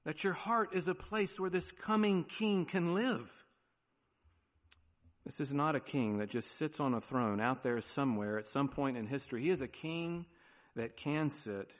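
A man preaching a sermon as pastor, animated, with sudden drops to a quiet, emphatic tone. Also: fairly high pitch, normal speed, long reverb tail.

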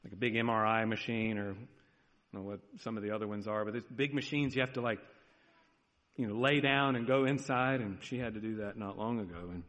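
A man preaching a sermon as pastor, earnest and pleading, moving between loud urging and a soft hush. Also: on the low side, fairly even intonation, a little fast, in a large hall.

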